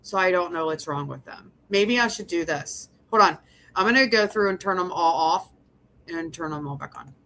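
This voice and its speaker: A woman's voice: lowish voice, normal speed, a bit bright, a little hiss or hum. A young woman hosting a casual livestream, chatting with her viewers, laughing often and swearing as she rambles. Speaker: livestream host.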